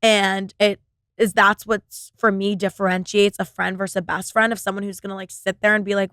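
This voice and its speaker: A woman's voice: mid-range voice, level tone, brisk, fairly bright tone, no echo, studio quality. A young woman hosting her own podcast, talking alone in a blunt, profane, rambling way with constant fillers. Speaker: podcast host. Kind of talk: casual solo podcast monologue.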